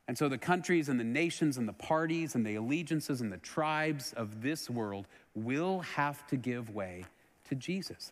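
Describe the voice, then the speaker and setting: A middle-aged man from Texas preaching a sermon as pastor, earnestly, swelling loud and then dropping low and soft. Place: church sanctuary. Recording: long hall reverb.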